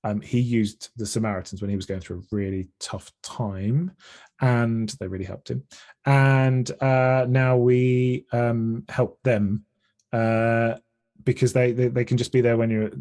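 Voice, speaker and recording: A man's voice: mid-range voice, steady tone, unhurried, a little mellow. Chatty Englishman in a casual interview. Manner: chatty, earnest, restarts often while thinking. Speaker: podcast guest, comedian and streamer.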